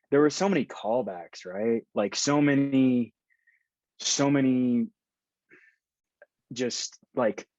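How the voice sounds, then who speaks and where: A man's voice: mid-range voice, darkish tone, no echo, muffled recording. A man appearing as a podcast guest, talking in a rambling, heartfelt way with many fillers. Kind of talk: casual podcast chat.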